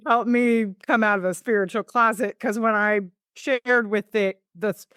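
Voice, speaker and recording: A woman's voice: medium pitch, steady tone, moderate pace, fairly bright tone, clean tone, dry recording, clean studio sound. A woman in her fifties, a podcast guest, talking expressively and dramatizing her inner dialogue. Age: 50s. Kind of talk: casual conversational interview.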